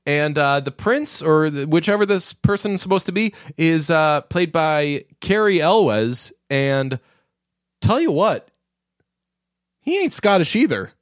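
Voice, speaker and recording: A man's voice: a little high, big pitch swings, unhurried, dry recording, clean studio sound. A man co-hosting a podcast, chatting casually about movies, rambling with many restarts and fillers. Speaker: podcast co-host.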